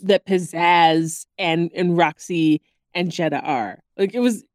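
Chatty woman podcast co-host, low voice. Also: slow pace, no echo. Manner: chatty, animated, laughs often. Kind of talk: casual chat.

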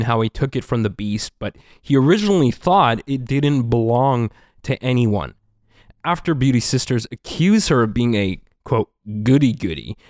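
A man's voice: medium pitch, no echo, clean studio sound. A man co-hosting a podcast in casual chat, skeptical and wry, full of questions. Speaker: podcast co-host.

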